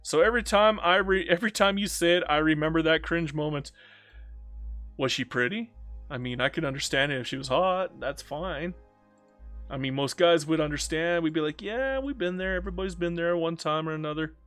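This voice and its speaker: A man streaming a strategy game, chatting casually with viewers and joking to himself, swinging between loud outbursts and low mutters. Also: fairly quick, faint music behind. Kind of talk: casual live-stream commentary.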